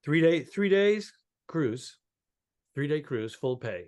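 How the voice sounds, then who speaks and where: A man's voice: fairly high pitch, very animated, slow pace, darkish tone. Man rambling through a travel anecdote. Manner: rambling anecdotes with restarts and quoted dialogue. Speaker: podcast co-host. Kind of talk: casual comedic chat.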